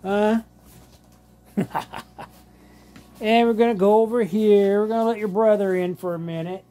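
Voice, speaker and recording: Man filming at home on a handheld camera, unhurried, fond baby talk to his dogs. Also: high voice, steady tone, warm tone. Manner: slow, drawling, doting, laughs often. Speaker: vlogger showing his dogs. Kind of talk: casual home vlog, talking to pets. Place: home living room.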